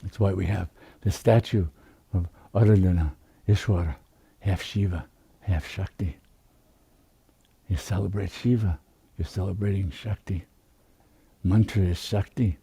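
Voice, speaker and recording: Slow husky-voiced man teaching meditation. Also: deep voice, fairly even intonation. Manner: soft, unhurried, drawn-out phrasing. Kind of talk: slow spiritual talk.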